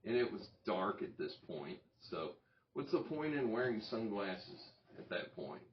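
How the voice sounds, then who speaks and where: A man's voice: fairly low pitch, sing-song, a little slow, a little hiss or hum. A man hosting his own channel, telling a story in a rambling, self-interrupting way with chuckles. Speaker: YouTube channel host. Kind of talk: casual talking-head vlog. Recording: roomy, distant, dull lo-fi sound.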